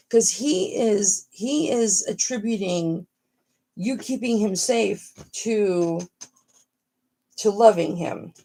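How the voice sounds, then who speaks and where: A woman's voice: mid-range voice, takes it slowly, vocal fry, dark tone. A middle-aged woman hosting a casual live stream, talking frankly and motherly to her viewers and swearing freely.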